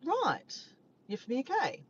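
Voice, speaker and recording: A woman from Australia with an Australian accent, chatting casually and warmly with live viewers, sometimes breaking into bits of song. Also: high voice, wildly swooping pitch, measured pace. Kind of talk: casual live-stream chat. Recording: dull lo-fi sound with faint background noise.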